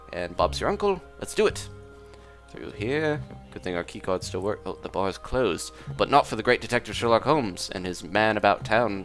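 A man hosts a let's play video in character as a pompous detective, using a put-on English accent and a joking manner. His voice is lowish yet fairly bright in tone.

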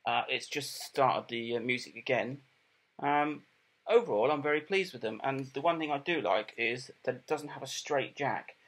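A middle-aged man giving a casual product review, plain and unhurried, with many ums and repeated words. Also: medium pitch, fairly bright tone. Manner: plain, unhurried and matter-of-fact.

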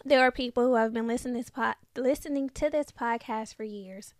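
A woman's voice: on the high side, brisk, dry recording, studio quality. A woman with a small, sweet voice co-hosting a podcast in casual chat, goofy and frank. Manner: goofy, frank, swears freely. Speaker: podcast co-host.

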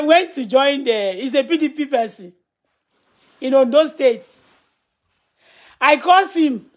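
A woman in her thirties with a Nigerian Yoruba accent, chatting casually on a live stream, laughing often and reading viewer comments aloud. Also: high-pitched. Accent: Nigerian, Yoruba-speaking.

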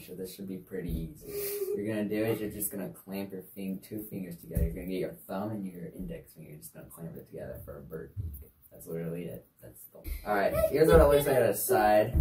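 A woman's voice: extremely low pitch, wildly swooping pitch, brisk, dark tone, slight background noise. A woman casually demonstrating sign language signs for a kids' lesson, chatty and easygoing with offhand asides. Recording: echoey room, distant mic.

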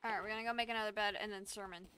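A young woman streaming a game, reacting out loud with casual swearing and bursts of dramatic pleading. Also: mid-range voice, fairly even intonation, very fast, a little hiss or hum. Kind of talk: casual live game commentary. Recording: faint game music behind.

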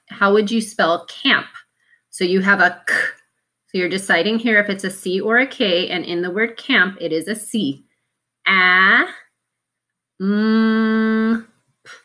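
Woman teacher, bright clear tone, lowish voice, patient spelling lesson, sounds out syllables. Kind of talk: spelling lesson to young students.

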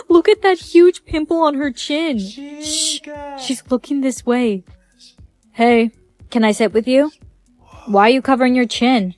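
A text-to-speech woman's voice reading a storytime script, voicing every role with even synthetic delivery. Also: sits high, measured pace, pauses often, no echo, soft background music.

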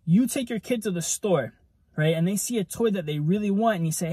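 A man's voice: high voice, fairly quick, dark tone, slightly rough, no room sound. A man giving a casual devotional teaching, talking conversationally and tagging nearly every point with "right?". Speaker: ministry preacher.

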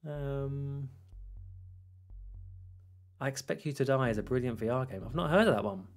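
A man's voice: mid-range voice, moderate pace. A man chatting casually on a live game stream, rambling through viewer questions with easy laughter. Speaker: gaming streamer. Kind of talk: casual live-stream chat while playing.

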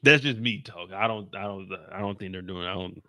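A man hosting a casual TV recap, animated and slangy, often laughing. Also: sits low, brisk, no echo, studio quality. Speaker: show recap host. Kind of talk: casual commentary.

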